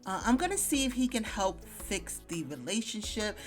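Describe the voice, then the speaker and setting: A woman's voice: medium pitch, very animated, moderate pace. Chatty lady doing game commentary, talks to the viewers, bit of music under it. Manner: chatty, addresses viewers as guys. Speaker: let's play host. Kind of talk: casual gameplay commentary.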